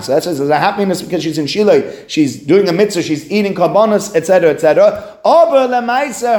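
A man giving a weekly religious text class in an animated, conversational way, acting out the quotes. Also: high voice. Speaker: religious teacher. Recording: roomy echo.

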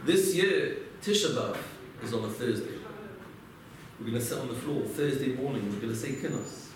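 A man's voice: mid-range voice, expressive, normal speed, background noise. Man lecturing in an echoey room. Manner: storytelling, asks and answers his own rhetorical questions. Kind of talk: religious lecture. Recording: echoey room, mic far off.

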